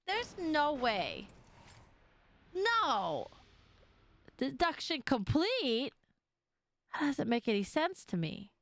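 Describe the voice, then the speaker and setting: A woman's voice: high voice, wildly swooping pitch, slow, fairly bright tone, no room sound. A woman streamer giving casual, joking commentary over a game, blunt and swearing casually as she reacts.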